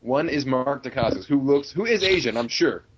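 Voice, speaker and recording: A man's voice: mid-range voice, expressive, moderate pace, muffled recording, crowd noise. A man hosting a casual podcast chat, rambling along with lots of fillers and frequent chuckles. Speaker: podcast host.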